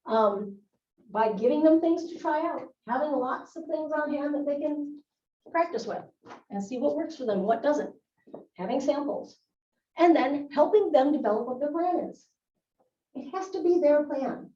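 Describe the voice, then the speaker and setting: A woman's voice: high-pitched, expressive, normal speed, dark tone. A middle-aged woman, a nurse practitioner, giving a live talk to school staff in a chatty, wry way. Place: school room. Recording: echoey dull room recording from far off.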